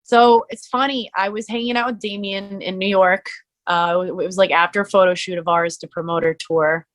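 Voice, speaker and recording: A young adult woman, a musician and streamer, chatting casually as a podcast guest, full of "like" fillers and quick to laugh. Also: mid-range voice, steady tone, fairly bright tone.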